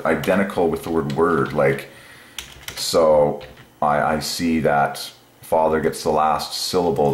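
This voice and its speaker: A man hosting a channel, explaining an idea while thinking aloud, meandering and pausing often with fillers. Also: very deep voice, echoey room. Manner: musing, meandering, with many fillers. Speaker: channel host.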